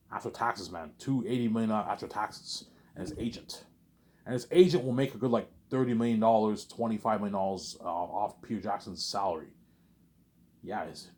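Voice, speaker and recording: Fast-talking animated man rambling. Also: medium pitch. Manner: animated, repetitive, haggling back and forth with himself. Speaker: vlogger. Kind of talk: casual rambling monologue.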